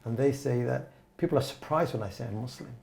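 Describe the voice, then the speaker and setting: A male host leads a panel discussion with a gravelly, mellow voice. He asks his guests probing questions that build in layers. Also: mid-range voice, quick pace. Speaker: host, interviewer.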